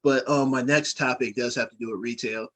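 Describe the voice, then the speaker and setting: A man's voice: mid-range voice, fairly even intonation, brisk, fairly bright tone, rough recording. A man hosting a casual podcast chat with friends, rambling and laid-back with many fillers. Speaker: podcast host.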